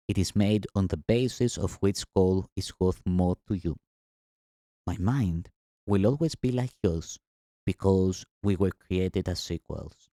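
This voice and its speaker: A man giving a measured, earnest spiritual reading in a solemn teaching style. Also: sits low, warm tone, no echo, studio quality.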